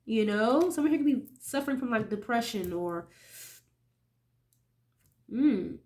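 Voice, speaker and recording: Here the young woman's voice is fairly high and expressive, a little mellow, moving at a measured pace. Still chatty and sniffly from her cold, she gives a laid-back tarot reading, cursing casually and often asking "okay?"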